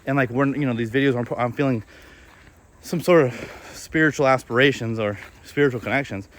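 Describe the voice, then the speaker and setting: A young man talking candidly in a personal vlog, in a flat, halting way with many restarts as he reflects on himself. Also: mid-range voice, slight background noise. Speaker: video creator.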